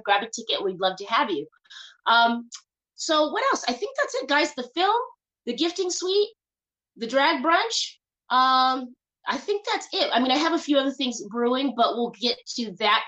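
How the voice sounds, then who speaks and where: A woman's voice: on the high side, pushed and bright, low-quality recording. A woman hosting her own show, chatting casually and rambling with many fillers and restarts. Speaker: show host. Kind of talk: casual live show chat.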